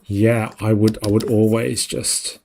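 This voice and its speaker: A man's voice: lowish voice, little pitch movement, measured pace, gravelly, dark tone, a little hiss or hum. A man hosting a live stream, chatting casually and jokingly with viewers while he works, laughing often. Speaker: 3D art stream host.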